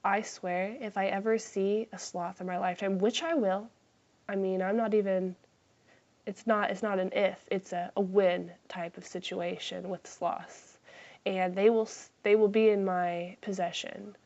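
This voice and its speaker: A woman's voice: medium pitch, fairly even intonation, measured pace, darkish tone, lo-fi sound. A woman chatting casually in a craft vlog, self-deprecating and swearing freely, sometimes dropping to a whisper. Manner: drops into whispers for asides. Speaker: craft vlogger.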